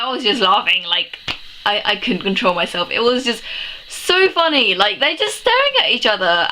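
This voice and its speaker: A young woman gushes through a casual film review, sniffly from crying and rambling from one exclamation to the next. Her voice is bright and sits a little high. A faint hiss runs behind her. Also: low-quality recording. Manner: gushing, rambling, exclaims often, laughs through tears.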